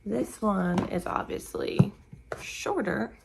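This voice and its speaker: A woman's voice: medium pitch, slow pace, vocal fry, heavy background noise. A tired, sleepy woman chatting casually at home in the morning as a book vlogger, rambling and searching for words. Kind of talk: casual morning chat to camera.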